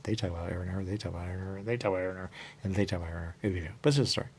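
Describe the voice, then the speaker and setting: A man hosting a radio show, talking in a rambling monologue that keeps repeating the same catchphrases and jumps suddenly up in pitch. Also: fairly even intonation, racing, slight background noise.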